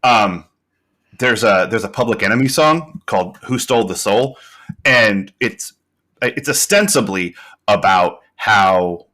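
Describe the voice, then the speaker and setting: Bright-toned low-voiced man podcasting. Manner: thoughtful, rambling with many fillers. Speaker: podcast co-host. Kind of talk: casual recap chat.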